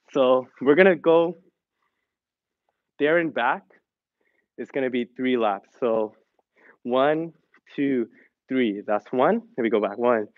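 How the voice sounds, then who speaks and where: A man's voice: mid-range voice, dry recording, dull audio. Give me a man leading an online workout, counting reps. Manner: encouraging, counts reps mixing English and Korean. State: out of breath. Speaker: fitness instructor. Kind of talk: online exercise class instruction.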